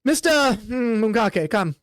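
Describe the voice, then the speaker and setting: A stern older dueling instructor, put on by a game master for a tabletop game. He talks in slow, clipped, formal phrases with a cool, superior air, at a middling pitch. The mic is close and dry, with no room in it. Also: animated, no room sound. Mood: approving.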